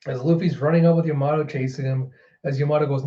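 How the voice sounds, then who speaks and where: A manga reviewer recaps animatedly in a mellow, fairly high-pitched voice, speaking fast. It's casual reaction commentary, retold with frequent fillers, captured in a roomy, slightly dull recording.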